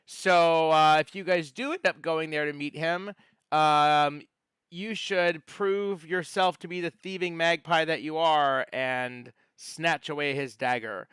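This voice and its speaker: Game master, male, smooth, dry close sound, chatty lore-teller with ums. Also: a little high, slow pace, fairly bright tone, no echo. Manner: storytelling with many fillers and restarts. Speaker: dungeon master. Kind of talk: narrating a tabletop game.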